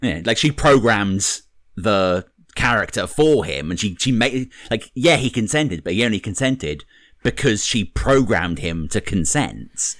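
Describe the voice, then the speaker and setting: A man's voice: on the low side, animated, measured pace, a bit bright, no room sound, studio quality. A man co-hosting a podcast, talking in an enthusiastic, conversational way with many "like"s. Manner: conversational, enthusiastic, says "like" a lot. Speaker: podcast co-host. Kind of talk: casual chat.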